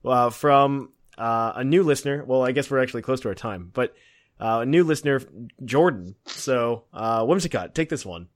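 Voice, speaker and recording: A young man hosts a casual podcast, reading emails and signing off in an easygoing way. His voice sits at a middle pitch and comes across plain and unhurried, with frequent "uh"s and "um"s. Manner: relaxed, with lots of fillers, laughing easily. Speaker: podcast host.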